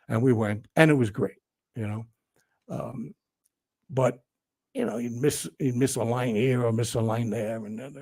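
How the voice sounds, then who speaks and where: Older new guy telling stories, salty and animated, does the voices, middle pitch. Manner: animated, profane storyteller who acts out quotes. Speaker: guest. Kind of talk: casual storytelling interview.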